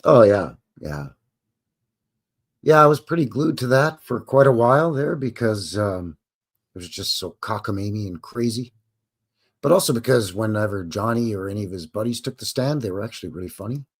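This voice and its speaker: Chatty low-voiced man hosting a stream. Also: lively intonation, normal speed, breathy edge. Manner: chatty, reads aloud and adds asides. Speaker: live stream host. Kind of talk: casual live stream commentary.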